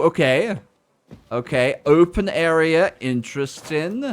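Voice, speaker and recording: A man's voice: on the high side, sing-song, measured pace, fairly bright tone. A man casually commentating a video game on stream, rambling and joking with a lot of laughter. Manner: giggly, rambling, mock-teasing.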